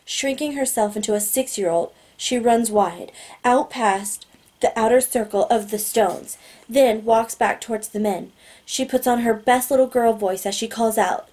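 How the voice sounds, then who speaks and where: A woman narrating a novel in the first person, steady and plain. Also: on the high side, normal speed. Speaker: audiobook narrator.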